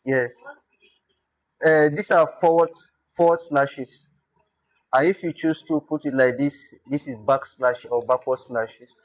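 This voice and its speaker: A language teacher with a Nigerian accent giving an informal lesson, repeating words slowly to show their pronunciation. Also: medium pitch, fairly even intonation, low-quality recording.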